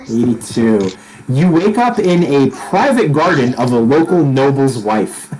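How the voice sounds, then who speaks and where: A man's voice: medium pitch, expressive, unhurried, a little mellow, low-quality recording. A man narrating as game master for a tabletop game, loose and rambling, laughing often. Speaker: dungeon master.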